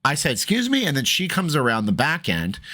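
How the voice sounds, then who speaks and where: A man vlogger telling a story in a rambling, chatty way, full of fillers, shifting between low asides and raised, animated bursts. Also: fairly quick. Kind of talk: storytelling vlog.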